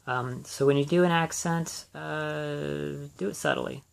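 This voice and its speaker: A man's voice: a little high, fairly even intonation, unhurried, creaky, clean tone. A man hosting a casual solo movie podcast, talking in a rambling, hesitant way with many fillers and restarts. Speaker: podcast host.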